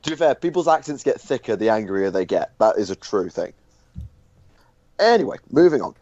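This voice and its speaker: A man with a Barnsley accent chats casually as a podcast host, his pitch rising and falling freely. The sound is dry and lo-fi, with a dull top end. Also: sing-song, fairly quick, darkish tone, no echo. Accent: Yorkshire (Barnsley). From England. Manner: conversational, asks questions, hums filler tunes. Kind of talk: casual chat.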